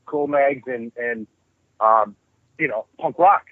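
Man with a husky voice on a tinny phone line. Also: medium pitch, slow pace, no echo. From New York. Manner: profane, rambling, animated storyteller. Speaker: guest musician. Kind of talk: casual storytelling interview.

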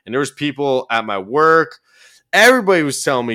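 A man's voice: medium pitch, fast talker. A man hosting a podcast and chatting casually, telling stories loosely with plenty of swearing and sudden bursts of emphasis. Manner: loose and profane, animated storytelling with bursts of emphasis. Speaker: podcast host and commentary YouTuber.

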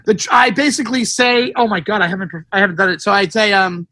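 A stand-up comedian chatting casually, his voice high and bright. He tells stories from stage in an animated way, swearing freely and acting out each line of dialogue. The sound is dry and close, with no room around it. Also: quick pace, dry recording. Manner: animated storytelling, swears freely, acts out quotes. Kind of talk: casual chat.

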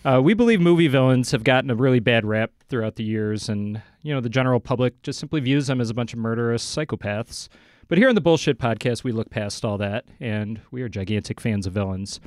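Young male podcast co-host, sarcastic and teasing, dry close-mic sound with no room, mid-pitched voice. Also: expressive, fairly quick, darkish tone, no room sound. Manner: sarcastic, teasing, often drops to a low mutter. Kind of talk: casual comedy podcast banter.

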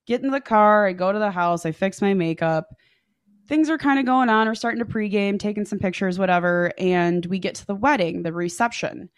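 A young woman on a podcast telling a dating story, animated and profane, acting out what people said. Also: mid-range voice, brisk, no echo, studio quality. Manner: animated, swears freely, acts out quotes. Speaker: podcast guest. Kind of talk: casual storytelling chat.

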